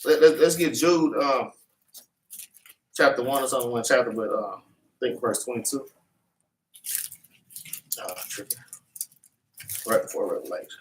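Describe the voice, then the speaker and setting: Scripture is read back to a man teaching a Bible class, who preaches in fervent, repetitive street talk to a congregation in a meeting room. He speaks at medium pitch and normal speed, leaving long pauses. The recording is echoey, with the microphone placed far off.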